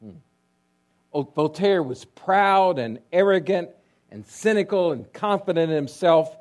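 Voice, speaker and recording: A male pastor preaching a sermon, telling stories with drama, dropping to a hush and then rising loud. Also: on the high side, animated, unhurried. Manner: dramatic storytelling, swinging between hushed and loud.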